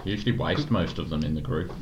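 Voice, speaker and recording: A man's voice: rumbling low, fast talker. A man, a podcast host telling a story in casual, sweary chat and laughing often. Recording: dull, noisy recording.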